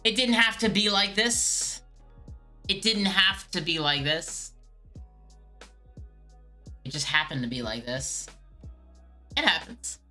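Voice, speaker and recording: A woman's voice: on the low side, takes it slowly, pauses often, pushed and bright, soft background music. A woman streamer chatting casually on a live stream, exasperated and repeating herself with laughs. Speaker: streamer calling scammers.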